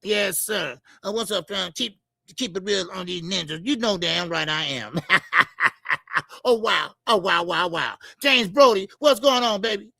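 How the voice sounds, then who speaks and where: Man, boxing stream host, casual chat, high gravelly voice, dry close sound, greets chatters, keeps saying yes sir. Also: animated, unhurried, pushed and bright, no room sound. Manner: greets viewers by name, keeps repeating "yes sir" and "all right".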